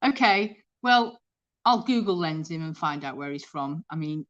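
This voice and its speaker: A woman's voice: low voice, animated, moderate pace, dull audio. A woman chatting casually and rambling on a live stream from her kitchen, reading out viewer comments as she goes. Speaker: thrift reseller hosting a live stream. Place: home kitchen.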